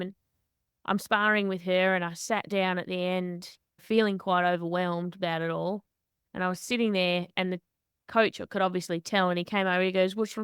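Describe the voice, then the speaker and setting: A woman hosting a podcast, telling candid stories in an animated way. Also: on the low side, clear, resonant tone, no echo, studio quality. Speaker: podcast host and boxer. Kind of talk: conversational interview.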